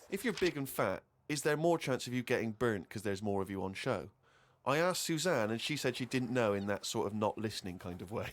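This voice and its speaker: A man co-hosting a comedy chat, reading a friend's diary aloud in a dry, deadpan way. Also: medium pitch. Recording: noisy studio recording.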